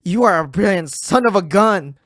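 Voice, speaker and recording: A man voicing a scheming ex-convict watch dealer in a comedy skit, with a put-on accent and an excited delivery. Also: sits high, measured pace, dry recording, studio quality, voice pushed up, heavily acted.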